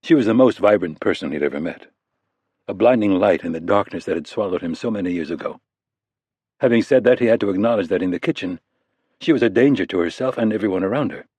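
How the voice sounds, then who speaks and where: Low husky guy reading an audiobook, steady, dry close sound. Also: no echo. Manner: measured, steady storytelling. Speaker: audiobook narrator. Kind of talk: scripted narration.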